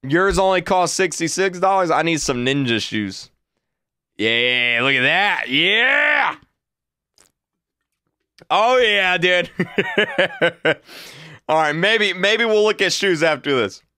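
An excitable man in his twenties chats casually through a reaction video. He repeats himself and jumps into high shouts. His voice is bright and swoops widely, and the recording is close and dry. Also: a little slow, smooth, no echo. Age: 20s.

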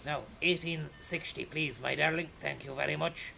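Gravelly, bright-voiced Irish man bantering. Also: fairly high pitch, steady tone, moderate pace, a little hiss or hum. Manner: chatty, teasing, repetitive catchphrases. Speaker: streamer playing a bus driver. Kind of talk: comedic live-stream banter.

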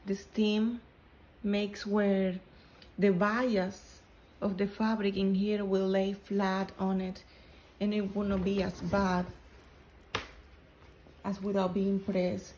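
A woman, not a native English speaker, explains sewing steps slowly, pausing and restarting phrases as she works. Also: medium pitch, level tone, a little mellow, a little hiss or hum, poor audio. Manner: slow, halting, with restarts. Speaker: sewing instructor. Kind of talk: step-by-step sewing tutorial.

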